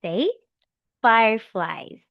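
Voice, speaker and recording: A woman teaching English to a young child in a demo lesson, slow, animated and encouraging, with animal sounds. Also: fairly high pitch, vocal fry, no room sound, muffled recording.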